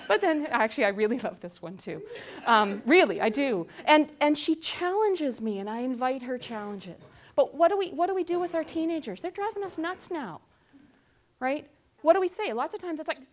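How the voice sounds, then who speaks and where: Lively woman speaker with a high voice. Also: moderate pace. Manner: lively, asks the audience questions, acts out scenes. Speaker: conference speaker. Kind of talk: conversational talk to an audience.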